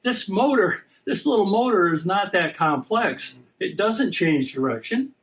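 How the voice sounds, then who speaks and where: A man calmly explaining the science behind optical illusions during a demonstration. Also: high voice, a little slow, poor audio. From USA. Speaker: science presenter.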